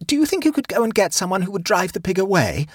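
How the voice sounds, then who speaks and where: Guy doing a stiff flustered lady, bit husky, dry close sound, storybook reading. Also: sits high, big pitch swings, fast talker, no room sound, pitched above the performer's own voice, full character voice. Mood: exasperated. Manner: reluctant, stiff, increasingly exasperated. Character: flustered, prim, exasperated middle-aged lady.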